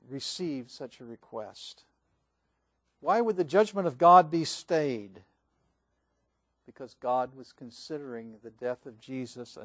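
A male pastor preaching a sermon, reading scripture aloud and moving between swelling emphasis and hushed passages. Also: mid-range voice, dry recording.

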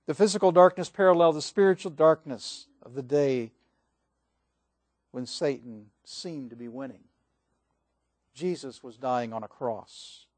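A male pastor preaching a sermon, reading scripture aloud and moving between swelling emphasis and hushed passages. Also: mid-range voice, unhurried, long pauses, dry recording.

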